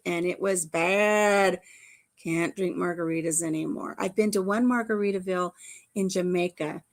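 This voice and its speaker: A middle-aged woman hosting a livestream, chatting casually, telling stories and answering the live chat. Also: fairly low pitch. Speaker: livestream host.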